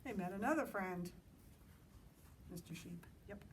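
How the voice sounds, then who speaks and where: A woman librarian reading a picture book to children outdoors, pausing for chatty asides and questions. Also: mid-range voice, lively intonation, recorded from a distance, a little hiss or hum, rough recording. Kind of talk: outdoor story time reading.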